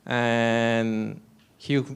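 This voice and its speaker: A man telling a short story in church, slow and fragmented. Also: mid-range voice, level tone, gravelly, smooth. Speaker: congregant.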